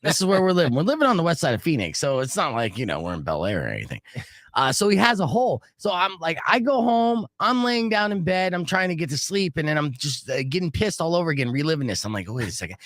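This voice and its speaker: A fast-talking man with a slightly high voice is recorded with no room sound. He hosts a morning radio show from a studio, using a studio microphone, and in casual talk tells a long, loose story, swearing freely and animatedly acting out its people.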